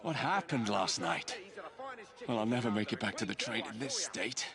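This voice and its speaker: A brash young brawler, gravelly. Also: male voice, lowish voice, expressive, moderate pace. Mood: groggy. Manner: brash, teasing. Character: cocky young male brawler challenging a drinker. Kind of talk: video game dialogue. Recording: game audio with crowd noise.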